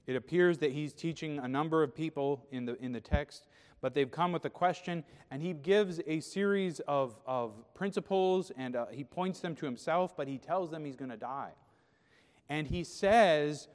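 A male pastor giving a conversational sermon with filler words, then reading scripture aloud with more force. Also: a little high. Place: church sanctuary. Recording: long church reverb.

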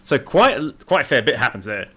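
A man co-hosting a casual film-review podcast, jokey and lively, often laughing. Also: mid-range voice, a little fast, husky. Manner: jokey, lively, breaks into laughs and silly voices. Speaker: podcast co-host.

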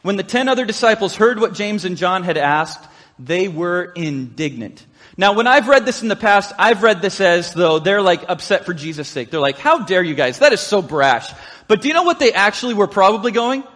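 A man's voice: sits high, animated, brisk, a bit bright, big-room sound. A man preaching as a pastor, chatty and joking, slipping into playful voices for the people in the story. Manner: casual, joking asides and playful quoted voices. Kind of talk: sermon.

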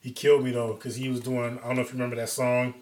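A man in the host's chair tells stories with loose, profane energy, laughing as he goes. His voice sits at an ordinary middle pitch. The room gives the sound a noticeable echo. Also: very fast. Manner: animated storyteller, profane and laughing. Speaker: podcast host. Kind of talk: casual chat. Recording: roomy echo.

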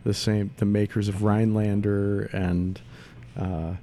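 A man from Chicago in casual chat, hesitant and filling pauses with many uhs. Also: fairly low pitch, little pitch movement, mellow. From Chicago, USA. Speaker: brewery co-owner.

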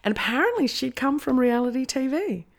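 A woman chatting as a guest, telling a story in an animated way and acting out what others said. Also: high-pitched, a little fast, gravelly. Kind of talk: storytelling in a podcast interview.

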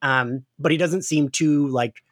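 A man's voice: a little high, a little slow, no echo, studio quality. A man hosting a podcast, chatting casually and animatedly with many fillers. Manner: animated, lots of "like". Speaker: podcast host. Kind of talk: casual chat.

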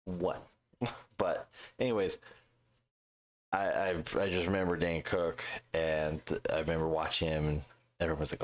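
A man with a very low voice co-hosting a casual podcast chat. He rants with plenty of swearing and jumps into quick impressions of the people he quotes. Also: flat delivery. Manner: profane, ranting, acts out quoted voices. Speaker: podcast co-host.

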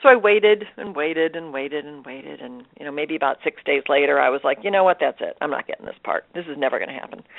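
A woman's voice: low voice, no echo. A woman actor telling her personal story as an interview guest, acting out her own thoughts and laughing often. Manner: expressive, laughs often, acts out quoted thoughts. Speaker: guest, stage and screen actor. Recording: tinny dry phone line.

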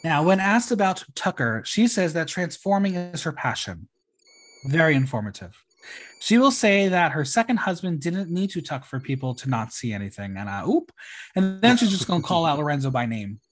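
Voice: mid-range voice, very animated, moderate pace. A podcast host recapping a reality show in a casual, chatty way, with wry asides.

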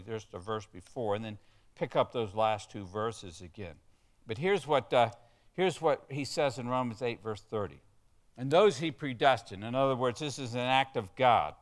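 A man's voice: medium pitch, a bit bright. A pastor preaching a sermon. He stresses key words and gets the congregation to repeat lines back to him. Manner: emphatic, leads the congregation in call-and-response.

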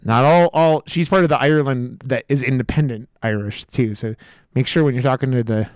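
A man co-hosting a podcast, chatting casually about a film in a rambling, profane, excitable way. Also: mid-range voice, a little fast, smooth, no room sound, clean studio sound. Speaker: podcast co-host. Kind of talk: casual film review chat.

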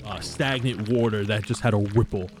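Man narrating as game master over music. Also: lowish voice. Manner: descriptive, drawn-out narration with fillers. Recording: music bed under the talk.

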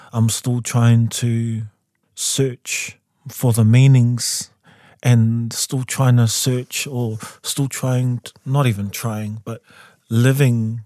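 A man in his forties with a New Zealand accent, a composer guest telling his story in a studio interview and jumping into high voices when he quotes people. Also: mellow, no room sound. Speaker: guest, composer and taonga pūoro player.

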